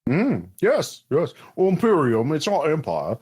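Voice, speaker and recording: A man's voice: fairly high pitch, wildly swooping pitch, slow pace, darkish tone, slightly rough, voice pushed up, full character voice. Man doing a timid rambling clerk with a put-on accent. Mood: nervous chatter. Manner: nervous, chatty, rambling. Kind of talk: tabletop role-play character voice.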